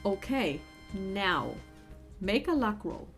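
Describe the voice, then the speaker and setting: A woman's voice: mid-range voice, sing-song, slow pace, a bit bright, faint music behind. A woman narrating a tabletop horror game as game master, friendly and hesitant, with many fillers.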